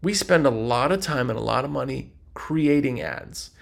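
A man hosting a podcast, giving casual business advice and acting out quick dialogues between customers and salespeople. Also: mid-range voice, lively intonation, vocal fry. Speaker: podcast host.

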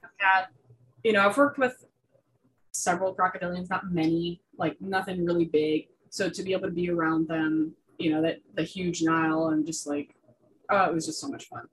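Young female guest, lower voice, chatty, excitable, many "um"s and restarts. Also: moderate pace, rough recording. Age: young adult. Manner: chatty, full of fillers and restarts; enthusiastic about reptiles. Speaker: guest artist. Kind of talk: casual interview chat.

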